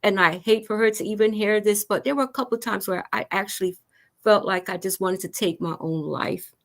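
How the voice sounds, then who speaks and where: Woman host, mid-pitched, earnest and emotional, candid personal storytelling. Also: fairly quick. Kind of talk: candid conversation about grief.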